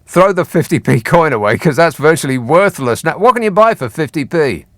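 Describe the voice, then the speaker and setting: A man's voice: fairly high pitch, expressive, a little fast, a bit bright, no room sound. A man hosting a radio phone-in show, talking in a dry, sarcastic, teasing way. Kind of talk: late-night radio phone-in chat. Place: radio studio. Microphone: studio microphone.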